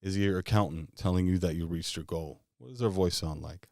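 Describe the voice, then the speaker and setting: Deep-voiced man asking rapid questions. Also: creaky, a little mellow, no room sound, studio quality. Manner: string of rapid questions, casual phrasing. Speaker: motivational speaker. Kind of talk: guided visualization talk.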